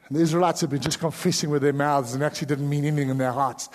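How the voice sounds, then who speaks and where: South African preacher in a ringing hall. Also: male voice, on the high side, steady tone, very fast, few pauses. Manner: swings from hushed pleading to sudden loud cries. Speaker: pastor. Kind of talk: sermon.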